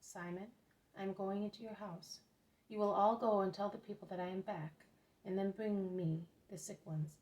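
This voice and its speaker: A woman reading as a calm, gentle male teacher. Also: mid-range voice, normal speed, dull audio, natural voice.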